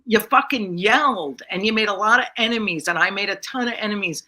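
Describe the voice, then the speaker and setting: A woman's voice: medium pitch, fairly quick. A middle-aged woman, a comedian, telling brash, profane stories in a casual podcast chat. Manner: brash, profane, animated storyteller.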